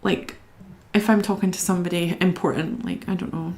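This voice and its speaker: A woman's voice: lowish voice, fairly even intonation, fairly quick, a little mellow. A young woman from Scotland chatting casually to her live-stream viewers while she colours, reading out their comments and talking to herself as she works.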